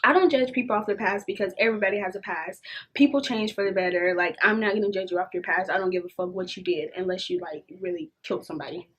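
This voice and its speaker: A young adult woman vlogger telling a casual storytime, animated and swearing freely as she acts out the dialogue. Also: medium pitch, quick pace, breathy edge.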